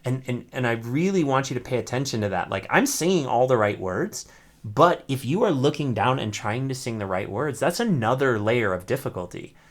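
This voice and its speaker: A man's voice: medium pitch, lively intonation, normal speed. A man teaching an online ukulele class, explaining step by step in an encouraging way and often checking in with "right?".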